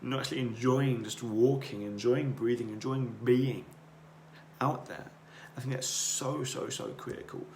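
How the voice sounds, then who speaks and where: A man's voice: mid-range voice, steady tone, a little slow, creaky, a little mellow. Earnest, rambling man in an echoey room. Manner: earnest, rambling, repeats words. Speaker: podcast host. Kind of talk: motivational monologue. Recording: roomy echo, faint noise.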